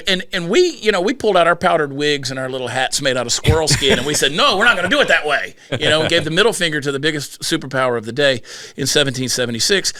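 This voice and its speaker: Rapid-fire Southern man, bright voice. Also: medium pitch, no echo. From rural Georgia. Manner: rapid-fire, animated storytelling. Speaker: podcast guest, comedian. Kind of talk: casual podcast conversation.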